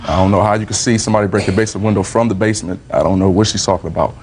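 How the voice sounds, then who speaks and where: Quick-talking man, lowish voice; defensive, brushing off accusations. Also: fairly even intonation, darkish tone, slight background noise. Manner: defensive, dismissive. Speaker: witness.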